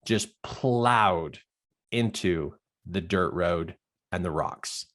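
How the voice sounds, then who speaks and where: A middle-aged man, a life coach, telling a personal story in a coaching talk and acting out the dialogue with big jumps in his voice. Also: extremely slow. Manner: animated storyteller, acts out quoted dialogue with big pitch jumps.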